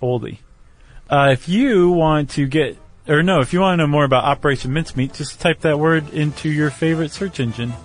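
A man's voice: a little high, brisk, soft background music. A man co-hosting a podcast in casual chat, laid-back with wry quips. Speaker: podcast co-host.

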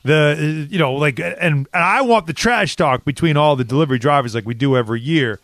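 A man hosting a sports radio show in casual, animated banter, with a New York accent. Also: fairly high pitch, no room sound, studio quality. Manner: animated, quick banter with co-hosts. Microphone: studio microphone.

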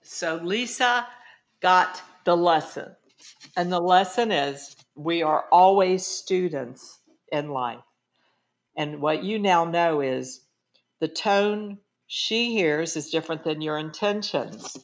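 A woman's voice: lowish voice, expressive, slow. A middle-aged woman author, a guest in an interview, giving earnest and emphatic advice in conversation.

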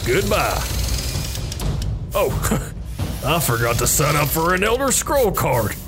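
Deadpan man role-playing over game music. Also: a little high, slow. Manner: deadpan, absurd, in-character. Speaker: game video creator. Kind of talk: comedic role-play game commentary.

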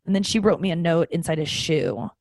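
A woman hosts a podcast in a lowish voice, rambling through a candid, self-mocking monologue full of "like" and "um" and half-finished restarts. She sits close to the mic, and the sound is dry and dead, with no room echo at all. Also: sing-song, brisk, a little mellow. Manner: rambling, with many fillers and restarts. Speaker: podcast host. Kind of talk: casual confessional monologue.

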